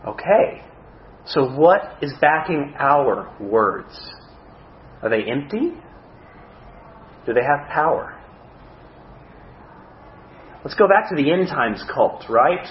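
A man preaching a sermon as a pastor, animated, with self-mocking humor. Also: mid-range voice, slow, pauses often, echoey room, muffled recording, a little hiss or hum.

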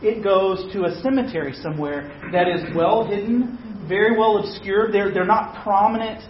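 A man's voice: high-pitched, moderate pace, a little hiss or hum. A man preaching, telling a personal story in a conversational, self-deprecating way. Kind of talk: sermon storytelling. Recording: echoey, dull-sounding room recording.

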